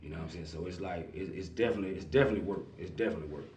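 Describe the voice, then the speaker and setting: A fast-talking man with a fairly low voice. He talks in a relaxed, rambling way and fills his sentences with "you know what I mean." The room is echoey and he sits some way back from the mic. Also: far from the mic. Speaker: artist manager, guest. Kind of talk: casual interview talk.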